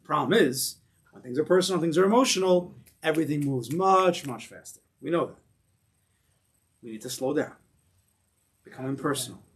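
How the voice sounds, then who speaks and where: A man with an American accent teaching a Torah class to a congregation in a synagogue, speaking in an animated way and asking his listeners rhetorical questions. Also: a little high, moderate pace, long pauses.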